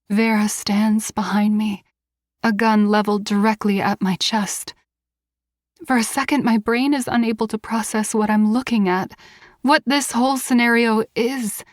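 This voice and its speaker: A woman narrating a first-person romance audiobook in a tense, measured way. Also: medium pitch, dry recording, studio quality.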